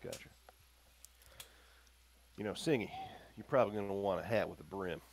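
A man's voice: fairly low pitch, moderate pace, darkish tone. A man joking around as a player in a tabletop game. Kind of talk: casual tabletop play.

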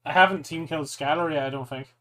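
Joking streamer man, a little high. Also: quick pace, sharp tone. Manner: joking, laughs often. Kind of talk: casual gaming chat.

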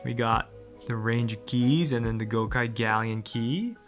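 A man casually talking through a toy unboxing, excitable and gushing, often laughing and exclaiming. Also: medium pitch, measured pace, soft background music.

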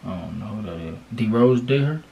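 A man's voice: lowish voice, lively intonation, fairly quick, creaky, highs cut off. A young man co-hosting a casual couple challenge video, slangy and profane, coaxing and reassuring his partner. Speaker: vlogger co-host.

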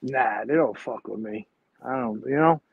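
A man's voice: mid-range voice, normal speed, gravelly, husky, dry recording, narrow, tinny audio. A man on a video call showing his neighborhood, rambling and swearing in a streetwise way. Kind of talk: casual chat.

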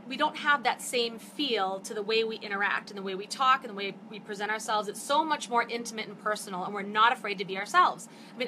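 Fifties lady chatting on a live stream, bright punchy voice, kinda high, gets all fired up. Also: a little hiss or hum. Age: 50s. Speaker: network marketing host. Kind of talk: casual live-stream talk. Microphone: phone or webcam for a live stream.

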